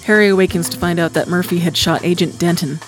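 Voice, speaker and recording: A woman reading a chapter recap in a plain, even narration. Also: lowish voice, quick pace. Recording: voice over loud music.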